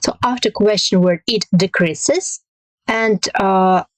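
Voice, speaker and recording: A woman teaching a language lesson, hesitating with many fillers and modelling example phrases slowly and carefully. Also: mid-range voice, dry recording, rough recording.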